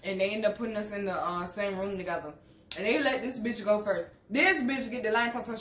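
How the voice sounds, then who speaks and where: A woman telling a story with a lot of profanity and laughter, then dropping to hushed asides, in a casual chat on her channel. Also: medium pitch, a little fast. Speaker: channel host. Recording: echoey room with faint noise.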